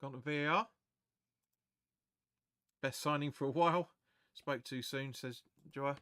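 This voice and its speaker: A man hosting a live fan watch-along of a football match, chatting excitably, swearing, and reading viewer comments aloud. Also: mid-range voice, unhurried, clean tone, no echo, studio quality.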